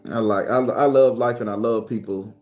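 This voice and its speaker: A man's voice: fairly low pitch, steady tone, normal speed, a little mellow. A man hosting a casual live stream, talking loosely and profanely to his viewers. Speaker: spiritual live-stream host. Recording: roomy echo, faint music behind.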